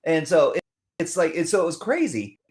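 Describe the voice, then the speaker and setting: A middle-aged man from Southern California is a guest in a casual conversation, telling stories and acting out other people in their voices. He's an animated storyteller, with a fairly high voice and a brisk pace.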